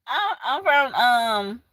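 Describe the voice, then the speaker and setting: Southern lady chatting w her stream, kinda high voice, laughs a lot. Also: no room sound. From southern United States. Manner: animated, laughs often, talks back to chat. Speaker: livestream host. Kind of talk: casual livestream chat.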